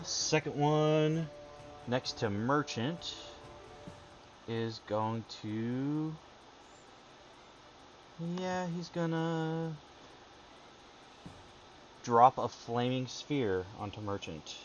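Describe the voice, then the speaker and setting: A man running a tabletop role-playing game as game master, easygoing and quick with asides, laughing often. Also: mid-range voice, expressive, soft background music. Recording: dull lo-fi stream audio with faint noise.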